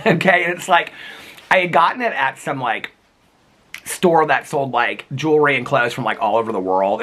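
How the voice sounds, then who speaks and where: A man's voice: medium pitch, pushed and bright. A man telling a rambling story to his vlog viewers in a casual, chatty way, with lots of fillers and laughter. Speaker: vlogger. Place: outdoors.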